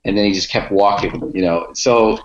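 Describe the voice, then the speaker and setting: A man's voice: lowish voice, moderate pace. A man from Cleveland, a podcaster and comedian, telling rambling stories with lots of restarts in a casual interview. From Cleveland, United States. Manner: rambling, restarting, laid-back storytelling. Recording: dull, echoey room sound.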